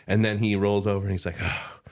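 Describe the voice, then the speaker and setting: A young adult man co-hosting a comedy podcast, retelling a film's plot with laughs and quick put-on voices. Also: fairly low pitch, flat delivery, darkish tone. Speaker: podcast co-host. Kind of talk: casual comedic movie recap.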